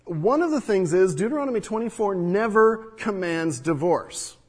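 A man preaching a sermon as pastor, teaching earnestly, asking rhetorical questions and speaking to the congregation directly. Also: high-pitched. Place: church hall with congregation. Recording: long hall reverb.

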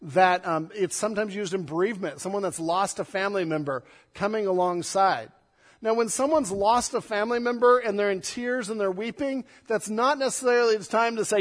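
Man, pastor, sermon, slightly high voice, loud emphatic stress, soft hushed stretches. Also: fairly quick, big-room sound.

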